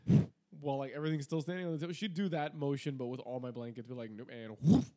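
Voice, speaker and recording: A man's voice: medium pitch, steady tone, fast, warm tone. Joking, profane male podcast co-host. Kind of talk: casual chat.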